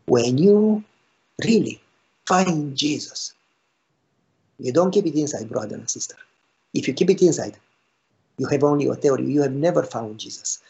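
A man's voice: mid-range voice, expressive, moderate pace, pauses often, a little mellow. A man preaching a storytelling sermon as pastor, emphatic and repeating phrases for stress. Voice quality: raspy, gravelly. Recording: dull lo-fi recording.

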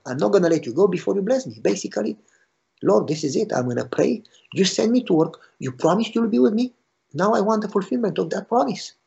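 A pastor telling a story in a sermon, animated and acting out the dialogue with a rising voice. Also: male voice, high-pitched, vocal fry, slightly rough. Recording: dull lo-fi recording.

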